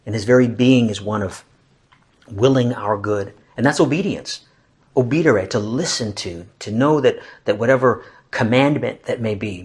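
Expressive man preaching a sermon. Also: lowish voice. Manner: expressive, varies loudness, drops to soft hushed asides; repeats and restarts phrases while speaking.

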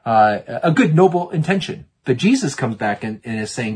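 A man's voice: mid-range voice, expressive, a little fast, hardly any pauses, husky. A man preaching a sermon in an earnest way, often repeating words as he restarts and acting out the quotes.

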